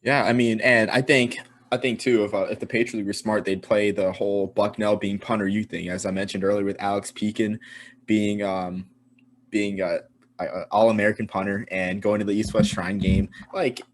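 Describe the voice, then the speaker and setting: A man's voice: fairly low pitch, little pitch movement, normal speed. Rambling young man on a podcast. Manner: rambling, many restarts and fillers. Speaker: podcast host. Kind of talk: casual sports podcast chat.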